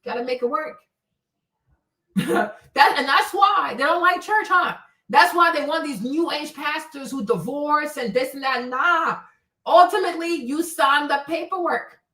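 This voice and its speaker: In a casual livestream rant, a forties-aged woman preaches bluntly and keeps tossing in "right?". Her voice sits high, sounding pushed and bright, and she talks a little slowly. She's somewhat distant from the mic in an echoey room.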